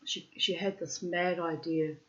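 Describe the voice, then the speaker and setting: A woman who rambles through casual stories and gripes, blunt and quick to swear. Her voice sits low. It comes through a dull, lo-fi recording. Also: fairly even intonation. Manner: blunt, profane, chatty. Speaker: reader and vlogger.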